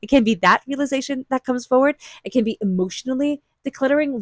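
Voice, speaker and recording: A woman's voice: sits high, fast, no echo, studio quality. A woman giving an intuitive tarot reading, talking in an earnest, repetitive and emphatic way, full of spiritual encouragement. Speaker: tarot reader.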